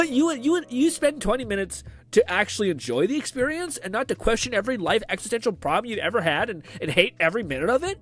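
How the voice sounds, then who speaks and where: A young man streaming, chatting casually with viewers in a rambling, profane way, laughing often and filling pauses with fillers. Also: sits high, a bit bright.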